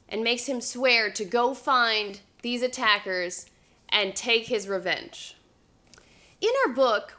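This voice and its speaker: Woman vlogger, kinda high bright voice, talks slow and casual, lots of "kind of". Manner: retells plot conversationally with hedging fillers. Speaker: vlog host comparing book and show. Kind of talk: casual book-to-show commentary.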